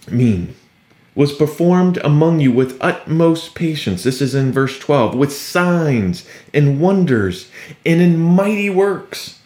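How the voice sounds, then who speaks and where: A man's voice: a little high, reverberant. A man preaching a sermon, explaining a scripture passage with sarcasm and acting out quoted lines. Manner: animated, sarcastic at times, acts out quoted speech.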